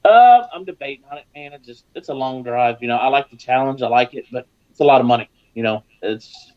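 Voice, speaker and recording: A man telling a story casually on a live show as a guest pitmaster, animated, his voice jumping higher when he acts out other people. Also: fairly quick, highs cut off.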